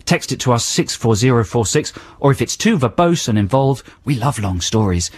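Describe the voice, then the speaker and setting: A man's voice: mid-range voice, animated, moderate pace, slightly rough. A man co-hosting a radio show in casual banter, wry and teasing. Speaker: radio host.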